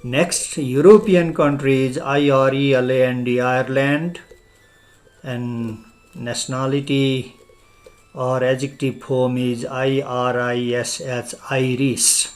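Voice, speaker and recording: Slow, methodical Nepali-accented male teacher. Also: mid-range voice, little pitch movement. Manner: spells words out letter by letter, methodical. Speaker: English teacher. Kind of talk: spoken language lesson.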